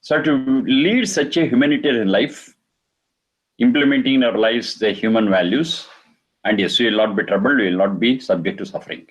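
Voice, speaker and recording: A man giving a religious lecture, reciting verses and explaining them slowly. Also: fairly low pitch, dull audio. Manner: slow, repeats Sanskrit phrases and explains them. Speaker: Vedic teacher.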